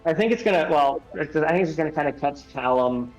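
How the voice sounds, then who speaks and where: A man's voice: a little high, brisk, highs cut off, faint music behind. A man playing a tabletop role-playing game, speaking in character and out with frequent hesitations. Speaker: player.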